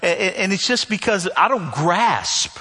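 A male pastor from the northern United States delivers a sermon with a slightly raised, husky voice. He keeps it conversational and wry, repeating key lines for emphasis. The sound carries a long reverb tail from a large church hall. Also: high-pitched, lively intonation, a little slow, pushed and bright. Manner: conversational preaching with humor and emphatic repetition. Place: church sanctuary.

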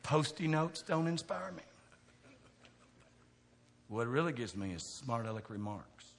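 A man preaching a sermon, talking with the crowd in a chatty way, asking questions, going from quiet to loud. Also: mid-range voice, expressive, unhurried, creaky, a little hiss or hum. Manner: conversational preaching, asks the crowd questions, swings from soft to shouting. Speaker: pastor. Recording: long hall reverb.

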